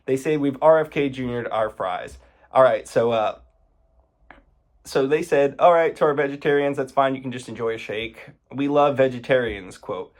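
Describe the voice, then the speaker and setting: A man's voice: medium pitch, normal speed. A man giving casual commentary, sarcastic and indignant, often breaking into exasperated outbursts.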